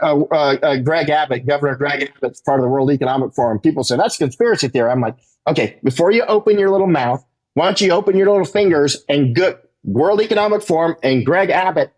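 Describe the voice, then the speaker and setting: A war correspondent gives an emphatic interview monologue, his pitch rising as he gets worked up, frequently tagging his points with "right?"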